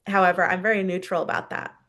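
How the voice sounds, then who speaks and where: Podcast guest, woman, thirties, candid storyteller who laughs easily, slightly low voice. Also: little pitch movement, normal speed, a bit bright. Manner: candid, laughs often while telling a story. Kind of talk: personal storytelling in an interview.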